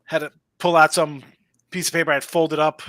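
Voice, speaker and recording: A man's voice: on the high side, normal speed, dry recording. A man co-hosting a casual sports betting stream, rambling through stories and laughing often. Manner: rambling, animated storyteller who laughs often. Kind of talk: casual chat.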